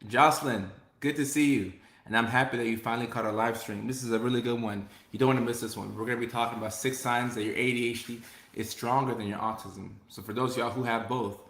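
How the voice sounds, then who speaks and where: A man's voice: mid-range voice, steady tone, fast talker, a bit bright. Upbeat male comedian hosting a casual live chat, mid-range voice, repeats himself, recorded in an echoey room. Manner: upbeat, repeats phrases, reads chat aloud. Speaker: live stream host and comedian. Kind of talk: casual live stream chat, reading comments.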